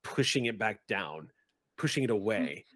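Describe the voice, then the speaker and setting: A man running a tabletop game as game master, narrating in a halting way as he searches for words. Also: fairly low pitch, animated, fairly bright tone, no echo.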